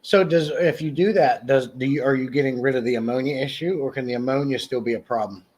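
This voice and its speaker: A man's voice: a little mellow, husky. A man hosting a casual livestream, answering viewers' comments by name in a rambling way with frequent restarts. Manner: mock sales pitch, slow and emphatic. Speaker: livestream host. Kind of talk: casual live chat reading comments.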